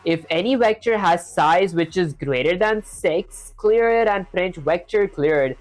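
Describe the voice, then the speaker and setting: A man streaming live coding, talking quickly in a casual, chatty way, reading instructions aloud and filling gaps with fillers. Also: high-pitched, lively intonation. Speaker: programming streamer.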